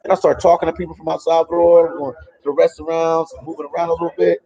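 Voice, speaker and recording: Gravelly man on a livestream. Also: on the high side, level tone, quick pace, dark tone, lo-fi sound. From Memphis, USA. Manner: loose and talkative, reads and answers viewer comments. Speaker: travel vlogger on a livestream. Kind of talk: casual livestream chat. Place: a café in El Salvador.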